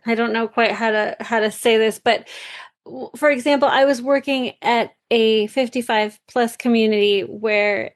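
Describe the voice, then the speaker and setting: Woman podcast host, somewhat high-pitched, thoughtful and halting, feels her way through questions. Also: steady tone. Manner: hesitant, searching for words. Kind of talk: conversational interview.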